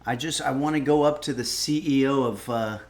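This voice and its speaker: A man's voice: medium pitch, brisk. A man hosting a casual cooking livestream, rambling and wry, swearing when irritated. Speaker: cooking stream host.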